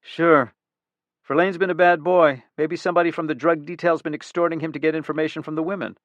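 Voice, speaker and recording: A man voicing a sharp, sarcastic female detective. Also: fairly high pitch, steady tone, fairly quick, no echo, muffled recording, voice pushed up, lightly acted. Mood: sardonic.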